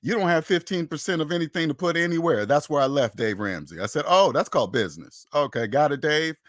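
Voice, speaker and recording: A man's voice: on the high side, quick pace, no room sound, clean studio sound. Preachy man lecturing on money. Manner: emphatic, preachy, repeats phrases, acts out imagined dialogues. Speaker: personal finance channel host. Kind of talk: opinionated monologue to camera.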